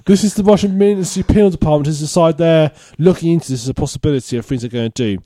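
A man's voice: fairly high pitch, very fast, warm tone. A man hosting a casual comedy podcast, reading out odd news stories and adding laughing asides. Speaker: podcast host.

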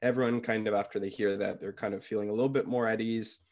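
A man's voice: lowish voice, steady tone, quick pace, a little mellow. Laid-back young man recapping a chapter. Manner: loose retelling with fillers and quoted lines. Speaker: podcast co-host.

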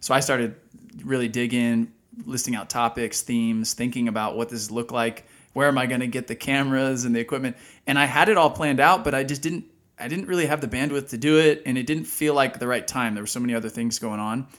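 A man in a mid-range voice co-hosts a casual faith podcast. He talks reflectively and in a measured way, sharing his thoughts in a relaxed back-and-forth. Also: medium pitch. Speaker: podcast co-host. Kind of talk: casual conversation.

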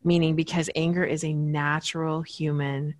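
A woman with a lowish voice talks through coping techniques like a therapist. She explains calmly and patiently, with plenty of fillers and restarts. The recording is dry and close. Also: moderate pace, no echo. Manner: calm, explanatory, with frequent fillers. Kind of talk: casual conversational advice.

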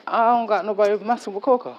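A man's voice: high voice, fairly even intonation, fast talker, dull audio, over music. A man hosting his own podcast in a casual, slangy and boastful monologue, recording while he works. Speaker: podcast host.

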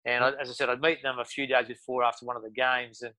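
A man's voice: mid-range voice, little pitch movement, quick pace, bright, forceful tone, dry recording, poor audio. A man with an Australian accent telling stories as a podcast guest, rambling with lots of restarts and fillers. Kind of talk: casual storytelling.

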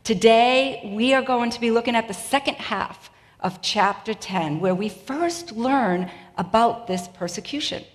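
A woman's voice: on the high side, measured pace. A woman with a Boston accent preaching a sermon in a chatty, self-deprecating way. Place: church sanctuary. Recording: long reverb of a church hall.

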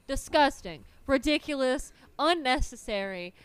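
A woman's voice: sits high, big pitch swings, moderate pace. A young woman co-hosting a casual book podcast, incredulous and sarcastic as she rants. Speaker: podcast co-host.

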